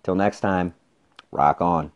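Man, caller, grateful, loud, very deep voice, dull lo-fi recording. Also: slow.

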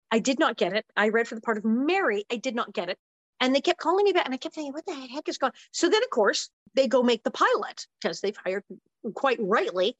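Woman, animated storyteller, slightly high voice, acts out voices, dry close sound. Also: no echo. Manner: lively, acts out quoted voices with big pitch jumps. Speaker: interview guest.

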